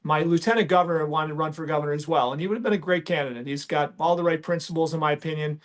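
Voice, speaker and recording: High-voiced businessman host. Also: steady tone, racing. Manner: rambling, many restarts, emphatic. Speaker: podcast host and business owner. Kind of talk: casual podcast conversation.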